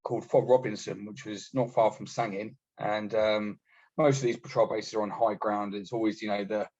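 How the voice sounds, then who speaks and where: A British army veteran telling war stories in a casual, blunt and sweary way, acting out what others said. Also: male voice, on the low side, fairly even intonation, normal speed, a little mellow. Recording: dull lo-fi podcast audio.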